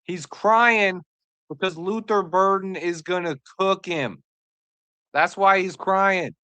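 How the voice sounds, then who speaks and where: Woman stream host, excitable live reactions, lowish voice, dry sound. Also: slow, clear, resonant tone, no echo. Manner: excitable and joking, reads out and answers chat messages.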